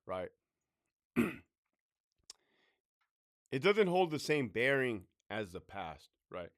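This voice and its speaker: Blunt, profane former prison officer. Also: male voice, mid-range voice, big pitch swings, takes it slowly, fairly bright tone, no echo, studio quality. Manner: blunt, profane, conversational, with frequent "right?" asides. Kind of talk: casual talk to camera.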